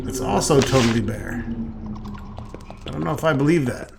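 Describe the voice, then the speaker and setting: A man's voice: medium pitch, expressive, moderate pace, gravelly, pauses often, background noise. A man hosting a let's play, reading the game's text aloud and adding offhand, jokey asides. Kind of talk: casual game commentary, reading on-screen text aloud.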